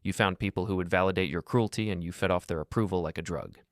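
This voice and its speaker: A betrayed middle-aged father, furious and icy, hurling cutting accusations in a deep voice, as a male narrator puts him on. The sound is close and dry. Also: fast, no echo, lightly acted. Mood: accusing.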